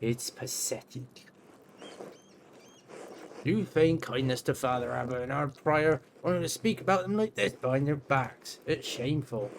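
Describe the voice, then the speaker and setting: With a mid-range voice and slight background noise, a young man plays a story game on stream. He chats casually and reads the dialogue aloud in a playful way, cursing and letting out small gasps and laughs.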